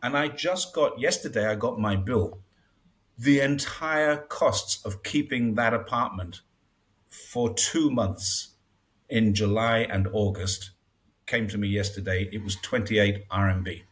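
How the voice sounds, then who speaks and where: A man in his sixties, originally from Britain, talks through everyday life in a relaxed interview. His voice sits fairly low. He breaks into brighter, higher snippets when quoting others. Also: a little slow. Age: 60s. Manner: chatty storyteller, acts out dialogue in raised voices. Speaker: guest. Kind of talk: casual interview chat.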